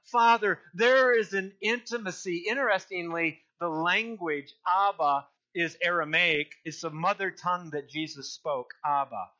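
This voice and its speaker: A man's voice: high voice, pushed and bright, lo-fi sound. An older man preaching a sermon as pastor, earnest and rambling, restarting sentences and crying out for emphasis.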